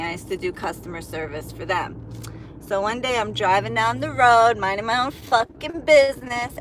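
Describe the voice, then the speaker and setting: Profane, animated woman telling a story. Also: a little high, a little hiss or hum, rough recording. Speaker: vlogger. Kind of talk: storytime vlog. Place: inside a car while driving.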